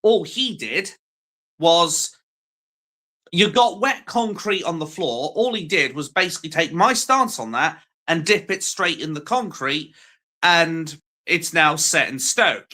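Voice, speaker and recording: A man's voice: on the high side, animated, a little slow, pushed and bright. A man talking casually on a live stream in a rambling, self-deprecating, wry way.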